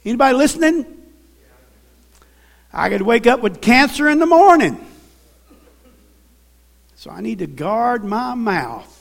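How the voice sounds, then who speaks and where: A man's voice: extremely high pitch, gravelly, a bit bright. A man with a Southern US accent preaching a sermon in a church, telling folksy stories and calling for amens. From American South. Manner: folksy storytelling with call-and-response.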